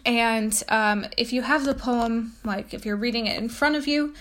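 Speaking at a normal speed, this woman has a slightly high, somewhat bright voice. She's a teacher giving a relaxed talk about a poet and reading a poem aloud, peppering it with plenty of ums and uhs.

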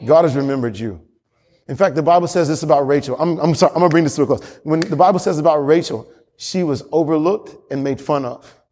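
A man's voice: a little high, quick pace, dark tone. A male pastor preaching a sermon with emphatic repetition and frequent chuckles. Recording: long hall reverb.

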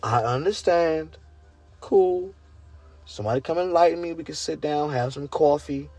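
A man vents to his viewers in a loose, profane rant, his fairly high voice shooting up whenever he gets incredulous. The sound is dry and close, with no room around him. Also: moderate pace, dry recording, faint music behind. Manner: animated, incredulous, profane, rising high when worked up. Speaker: vlogger. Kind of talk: casual rant to camera.

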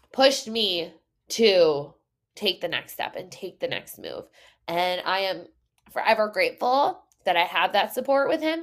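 Woman podcast host, casual monologue, raw and candid, swears a lot, laughs often. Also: medium pitch. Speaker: podcast host and business coach.

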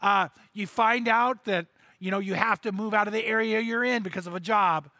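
A middle-aged man preaching a sermon, an animated storyteller who acts out the voices in his anecdotes. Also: sits high, normal speed, dry recording, clean studio sound. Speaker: pastor. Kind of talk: sermon with acted-out stories.

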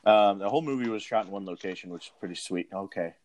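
Rambling low-voiced man reviewing a movie. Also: quick pace, crowd noise. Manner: rambling, many fillers and restarts. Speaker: podcast host. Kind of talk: casual movie review chat.

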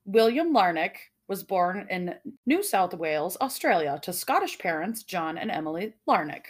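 A woman's voice: lowish voice, very animated, moderate pace. A woman hosting a podcast, reading out a mystery in a casual, jokey way with frequent laughs and swearing. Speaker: podcast host.

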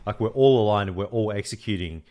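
A man's voice: fairly low pitch, quick pace, a little mellow. An Australian man co-hosting a podcast, bantering in a casual, matey way. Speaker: podcast co-host. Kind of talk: casual chat.

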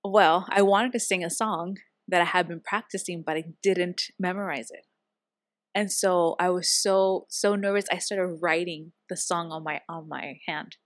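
A woman guest recounting stories in easy conversation, her voice sitting a little low. She brings the dialogue to life as she quotes it, and the recording is dry and close. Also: fairly even intonation, unhurried, no echo. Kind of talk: casual conversational storytelling.

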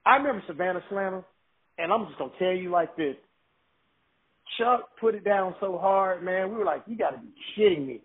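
A man telling excited stories in a casual chat, often restarting his sentences. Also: sits high, normal speed. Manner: excited, animated storytelling with restarts. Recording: thin phone-like line.

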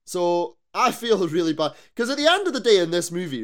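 A man co-hosting a podcast in casual chat, animated, swearing freely and asking rhetorical questions. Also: high voice, fairly quick. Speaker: podcast co-host.

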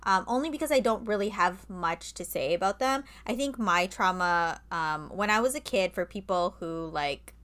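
A woman's voice: mid-range voice, normal speed, few pauses, fairly bright tone. A woman co-hosting a podcast in casual chat, talking freely with lots of fillers and the odd swear word. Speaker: podcast co-host.

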